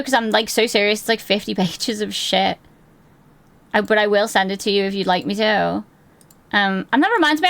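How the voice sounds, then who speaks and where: A woman's voice: on the high side, gravelly, no echo. A woman in her twenties streaming from home, chatting casually with her chat, swearing freely and poking fun at herself. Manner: chatty, swears often, self-deprecating, laughs easily. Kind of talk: casual chat reading chat aloud.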